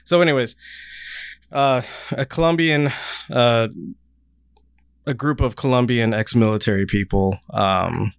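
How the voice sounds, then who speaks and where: A man's voice: medium pitch, unhurried, vocal fry, pauses often, clean tone, no echo, studio quality. A man hosting a podcast in casual chat, rambling and swearing freely as he talks. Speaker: podcast host.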